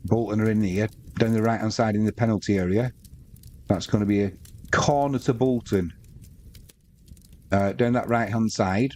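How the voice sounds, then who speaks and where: A man's voice: on the low side, fairly even intonation, normal speed, long pauses, a little mellow. A British man giving live football commentary, switching between play-by-play calls and casual chat with viewers. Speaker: sports commentator.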